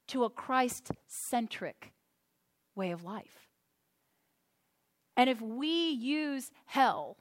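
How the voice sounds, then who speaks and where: High-voiced woman preaching earnestly. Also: fairly bright tone. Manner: earnest, emphatic preaching with deliberate repetition. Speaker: pastor. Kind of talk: sermon.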